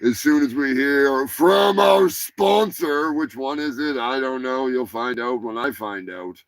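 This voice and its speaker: A man's voice: mid-range voice, measured pace, no echo, faint music behind. A man hosting a comedy news show, rambling through crude jokes and profane asides. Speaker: host. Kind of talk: casual comedy chat.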